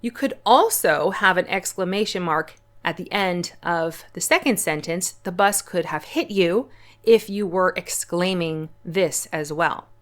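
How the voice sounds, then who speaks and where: A woman with a lowish voice speaks at a measured pace, hosting her own channel. She's an English teacher giving an online grammar lesson on punctuation, explaining clearly and patiently.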